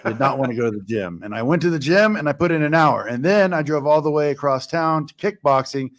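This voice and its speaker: A man's voice: on the high side, animated, brisk. A man, the show's host, talking casually and emphatically, with some rambling. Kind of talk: casual chat.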